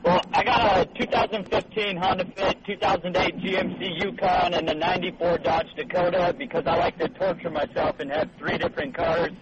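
A man's voice: high voice, steady tone, fairly quick, few pauses, dull audio, heavy background noise. A man calling in to a radio show, talking about his truck in a casual, friendly way. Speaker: caller.

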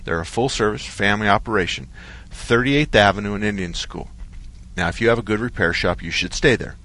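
Chatty lower-voiced radio host, a man. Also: a little fast. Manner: rambling storyteller, relaxed and chatty. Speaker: radio car-advice show host. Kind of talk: call-in radio chat. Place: radio studio.

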